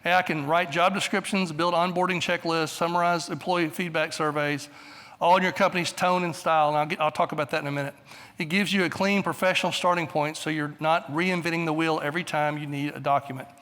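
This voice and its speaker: An older man speaking at a conference, with a fairly high, bright, forceful voice. He talks in a blunt, to-the-point way. His voice rings out with the long reverb of a large hall. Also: steady tone, brisk. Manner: blunt, straightforward, brief. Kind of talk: conference presentation.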